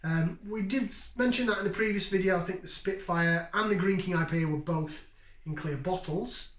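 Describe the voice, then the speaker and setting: Chatty high-voiced man, roomy sound. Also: normal speed, a bit bright. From Yorkshire, England. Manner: chatty and enthusiastic, addresses viewers directly. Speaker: beer review channel host. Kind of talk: casual beer review vlog. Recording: roomy, echoey room sound.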